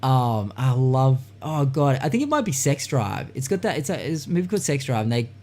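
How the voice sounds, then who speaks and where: Brief: male podcaster, loose and profane, big animated pitch swings, plays out street-confrontation voices. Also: brisk. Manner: animated, swears freely, acts out tough-guy voices. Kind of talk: casual podcast chat. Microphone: studio podcast mic.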